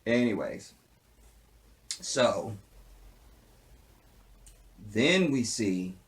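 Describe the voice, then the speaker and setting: A man giving a casual recap of a TV drama episode, animated, with streetwise slang, often acting out the characters' lines. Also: on the low side. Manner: animated, acts out character lines in quick impressions; streetwise slang, repeats tag phrases. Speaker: TV show reviewer.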